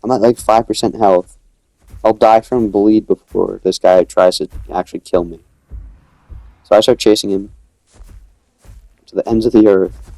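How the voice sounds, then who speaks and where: A man's voice: on the low side, steady tone, measured pace, pauses often, dark tone, no echo. A young man casually narrating his own dinosaur gameplay, rambling as he tells the story and acting out quoted lines.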